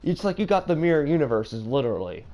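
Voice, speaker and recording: A man's voice: a little high, very animated, fast, dark tone. A man in casual podcast chat, teasing and asking joking questions.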